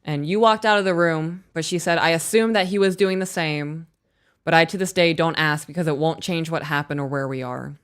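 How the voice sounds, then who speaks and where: Woman host reading emails on a live stream, low smooth voice, blunt and sweary. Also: fairly even intonation, brisk. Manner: blunt, frank, swears casually.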